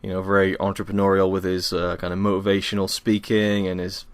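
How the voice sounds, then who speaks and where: A young man from Wales, worn out after exercising, hosts a relaxed solo podcast at home, rambling with many ums and self-deprecating jokes. His low voice barely moves in pitch, and he speaks briskly and smoothly with no echo.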